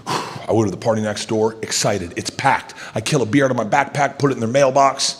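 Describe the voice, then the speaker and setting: A man in his fifties from Florida telling a loud, profane story on stage as a stand-up comedian. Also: medium pitch, a little fast. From Florida, USA. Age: 50s. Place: large arena on stage. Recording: arena reverb with crowd noise.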